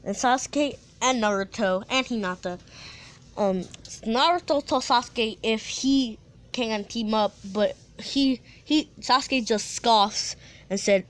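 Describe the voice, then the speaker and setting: A woman's voice: fairly high pitch, unhurried. A woman casually retelling her own fan-fiction story, rambling with frequent restarts and playful asides to her viewers.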